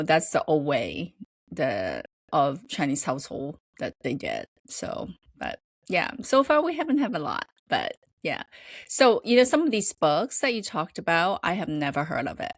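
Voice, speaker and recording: Hesitant low-voiced woman podcast host. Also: huge pitch swings, no echo. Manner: hesitant, halting with fillers and restarts; laughs between phrases. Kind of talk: casual chat.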